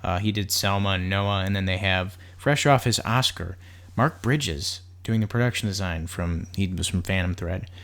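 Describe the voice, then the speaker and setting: A man's voice: deep voice, moderate pace, fairly bright tone. A man co-hosting a movie podcast, chatting casually, going through film news details and saying "like" a lot. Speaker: podcast co-host.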